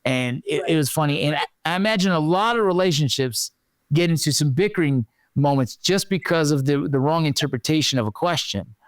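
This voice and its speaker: A middle-aged man hosting a podcast, chatty and animated when he tells stories. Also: on the high side, brisk, dry recording, clean studio sound. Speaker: podcast host. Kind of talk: conversational interview.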